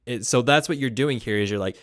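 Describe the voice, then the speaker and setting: A man's voice: mid-range voice, fast talker, no echo, studio quality. A man hosting a music production show, giving rambling, digressive explanations and correcting himself as he goes. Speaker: host. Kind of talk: casual teaching chat.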